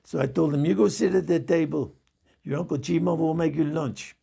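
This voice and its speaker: A man's voice: fairly high pitch, fairly quick, gravelly, mellow, slightly rough, heavily acted. A man voicing an indignant, rambling middle-aged male taxi driver who keeps calling his passenger "sir". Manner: repeats "sir" and tells it with indignation.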